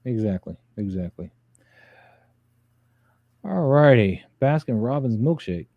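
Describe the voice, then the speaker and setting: A man's voice: medium pitch, lively intonation, takes it slowly, no echo, narrow, tinny audio. A man hosting a hobby podcast, running through posts with joking asides. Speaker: podcast host. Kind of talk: casual chat.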